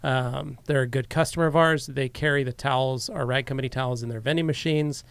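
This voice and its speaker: A man's voice: medium pitch, fairly even intonation, a little fast, gravelly, clean tone, dry recording. A man co-hosting a podcast, telling an easygoing story in casual chat with lots of fillers. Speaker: podcast co-host.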